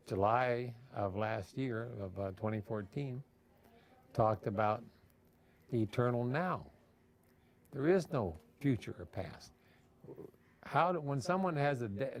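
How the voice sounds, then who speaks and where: A man talking casually as an interviewee, rambling with frequent fillers and restarts. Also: medium pitch. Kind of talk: casual storytelling.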